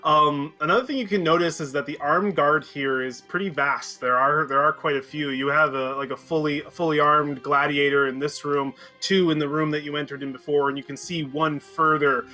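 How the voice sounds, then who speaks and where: Bright-voiced male game master. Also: fairly high pitch, fairly even intonation, normal speed, few pauses, faint music behind. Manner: casual, loose with fillers. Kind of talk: narrating a tabletop game.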